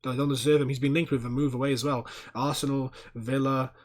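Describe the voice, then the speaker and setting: Guy on a football watchalong stream, chats to chat, swears, gets loud and worked up over fouls. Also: mid-range voice, fast. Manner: excitable, swears a lot, erupts in loud outbursts at fouls; chats to viewers by name, reads chat aloud. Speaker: watchalong livestream host. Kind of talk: casual live match commentary.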